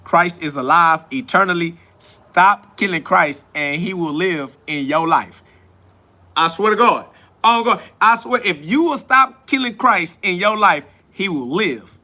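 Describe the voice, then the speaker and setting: A man's voice: sits high, lively intonation, measured pace, sharp tone. A man hosting a casual livestream, answering chat comments in a mocking, preachy, profane and rambling way. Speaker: livestream host.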